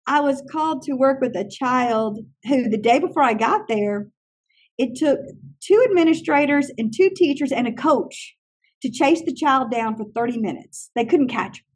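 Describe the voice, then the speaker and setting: Husky-voiced woman telling animated stories. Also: sits high, normal speed. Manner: animated, acts out other people's lines. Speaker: teacher trainer and classroom consultant. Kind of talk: conversational interview storytelling.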